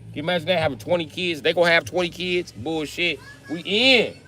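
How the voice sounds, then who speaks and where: A male comedian telling a profane, animated comic story on a live stream. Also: a little high, brisk, faint music behind.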